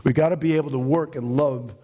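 A man's voice: a little high, fairly even intonation, fast, dark tone, breathy edge, big-room sound, muffled recording. A man preaching a sermon in a church, impassioned, his voice rising for emphasis. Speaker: pastor. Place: church sanctuary.

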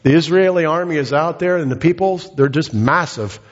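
A man's voice: fairly high pitch, normal speed. A man preaching a sermon, retelling a scripture story in a conversational, storytelling way. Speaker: pastor. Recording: dull sound with long hall reverb.

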